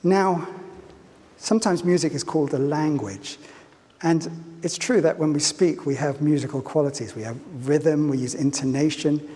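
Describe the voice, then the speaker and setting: This fairly high-pitched man has a dark tone and speaks at a moderate pace. He's delivering a playful public lecture in a lecture hall, often quizzing his listeners, with reverb and faint ambience in the recording.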